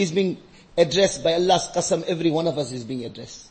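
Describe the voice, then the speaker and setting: A man preaches in a high, ringing voice, building his lines through repetition to impassioned peaks. He weaves Arabic phrases into his English as he exhorts the congregation. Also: expressive, fast, darkish tone. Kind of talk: sermon.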